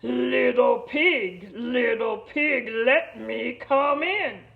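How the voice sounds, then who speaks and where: A woman voicing a big, hungry male wolf in a storybook reading, making slow, loud, drawn-out threats, on a muffled lo-fi recording. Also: on the high side, creaky, exaggerated voice. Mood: menacing.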